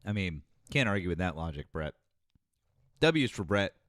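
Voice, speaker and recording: Man, call-in host, teasing, lively delivery, dry sound. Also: sits low, normal speed, dry recording. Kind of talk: casual live call-in chat.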